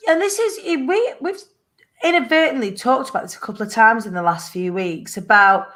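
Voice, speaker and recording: A woman's voice: fairly high pitch, moderate pace, a bit bright. Rambling British woman host. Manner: rambling, searching for words. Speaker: show host. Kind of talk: casual podcast interview.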